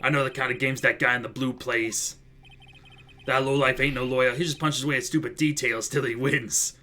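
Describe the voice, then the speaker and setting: A man voicing a brash, hot-tempered loan-shark thug in a video game, talking loud, gruff and ungrammatical. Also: mid-range voice, fairly even intonation, fairly quick, a little hiss or hum, natural voice. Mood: blustering. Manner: loud, gruff, threatening, ungrammatical street talk. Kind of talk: reading game dialogue aloud.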